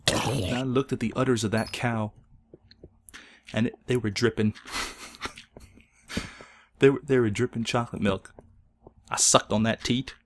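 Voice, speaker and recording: A man hosting a gaming video, telling an absurd made-up story in a deadpan, mock-solemn way that breaks into laughter. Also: medium pitch, measured pace, long pauses, slight background noise. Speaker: Let's Play host. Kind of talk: absurd tall-tale storytelling while gaming.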